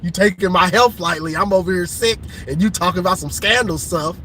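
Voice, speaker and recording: A man live-streaming a casual sports rant, teasing rival fans with laughter and drawn-out colloquial talk. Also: high voice, a bit bright, a little hiss or hum.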